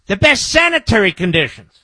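A man's voice: high-pitched, very animated, fairly quick, pushed and bright, breathy edge, dry recording. A man hosting a talk radio show, delivering an emphatic monologue into a studio microphone and repeating key phrases for effect.

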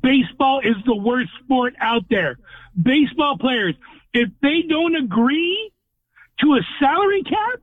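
Man, radio caller, blunt opinionated rant, very high voice, tinny phone line, dry. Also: lively intonation, unhurried, no room sound. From California. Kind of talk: call-in radio talk.

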